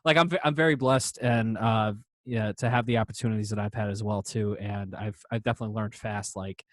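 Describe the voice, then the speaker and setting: A man's voice: fairly low pitch, steady tone, brisk, a bit bright, dry recording. A man hosting a podcast, telling stories casually and animatedly, swearing freely. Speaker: podcast host. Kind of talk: casual interview chat.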